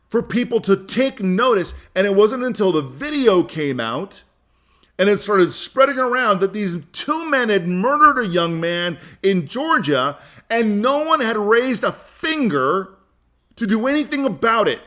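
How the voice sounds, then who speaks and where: A podcast host speaks in a raised, fairly high voice that stays high throughout. He argues hard and emphatically, repeating phrases and restarting sentences as he presses each point. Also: very animated, a little slow, fairly bright tone. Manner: emphatic, heated, repeats himself. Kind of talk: opinion monologue.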